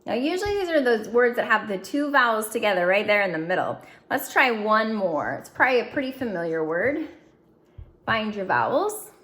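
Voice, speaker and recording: A woman's voice: on the high side, lively intonation, fairly bright tone. Encouraging woman teaching phonics. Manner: slow, clear, encouraging drill prompts. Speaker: reading teacher. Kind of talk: phonics lesson to young students.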